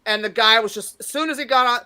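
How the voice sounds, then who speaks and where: A woman's voice: on the high side, quick pace, clean tone. A woman comedian in her fifties, a guest telling stories in a brash, profane way and acting out what people said. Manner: brash, profane, acts out quotes loudly. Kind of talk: casual interview storytelling.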